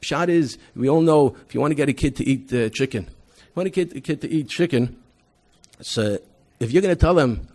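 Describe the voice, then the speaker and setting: A man, a rabbi giving a convention talk, animated storytelling with frequent restarts and loudly acted-out quotes. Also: medium pitch, fairly quick. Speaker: rabbi presenting an educational program. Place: convention hall.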